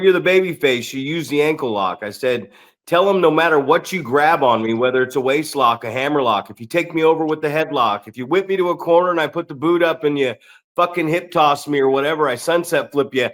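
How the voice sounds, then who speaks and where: Blunt, profane man, slightly high voice. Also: a bit bright. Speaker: veteran wrestler and trainer. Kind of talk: casual podcast chat.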